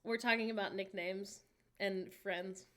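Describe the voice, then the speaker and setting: A woman's voice: mid-range voice, unhurried. Chatty woman in her late twenties. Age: late 20s. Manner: chatty and candid, with animated asides. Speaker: livestream host. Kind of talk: casual chat, reading viewer messages aloud.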